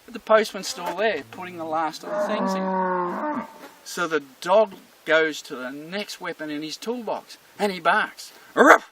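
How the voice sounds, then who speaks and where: Dog trainer telling a story. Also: male voice, high voice, unhurried, distant mic, a little hiss or hum, low-quality recording. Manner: storytelling, animated retelling. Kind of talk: explaining with a story.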